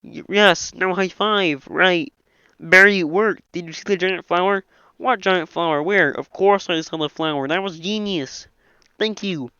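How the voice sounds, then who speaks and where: A man's voice: high voice, clean tone, no echo. A man doing an impression of a nasal puppet frog, reading every part of a film script in that one voice. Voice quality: nasal, bright and reedy. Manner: voices all the film's characters in one frog voice. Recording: dull, lo-fi, dry home mic.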